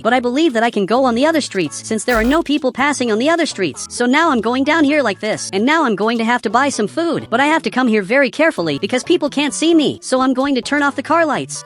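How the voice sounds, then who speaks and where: A woman narrating her own game playthrough in first person, as quick running commentary. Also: on the high side. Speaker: gaming video narrator.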